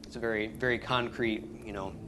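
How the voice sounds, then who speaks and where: Low-voiced man teaching a class. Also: level tone, brisk, noisy background. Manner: patient, explanatory, with many ums and restarts. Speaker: Hebrew teacher. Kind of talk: classroom lecture.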